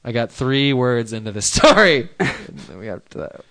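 A man's voice: mid-range voice, big pitch swings, normal speed, creaky, a bit bright, dry recording. A man co-hosting a podcast in casual chat, reading news stories aloud with joking asides. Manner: rambling, jokey, reads news aloud with asides.

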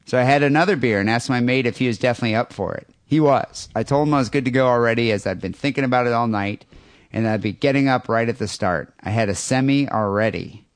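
Dude cohosting a raunchy podcast, loud and jokey, dry close sound. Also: male voice, medium pitch, quick pace, no room sound. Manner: loud, animated, jokey storytelling. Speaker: podcast co-host. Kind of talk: crude comedic podcast banter, reading a listener email.

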